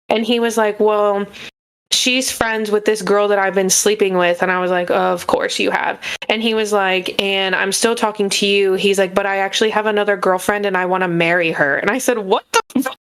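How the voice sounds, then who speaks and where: A young woman co-hosting a podcast, telling personal stories in a casual, animated and frank way, swearing freely. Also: medium pitch, clear, resonant tone. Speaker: podcast co-host. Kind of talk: casual storytelling chat.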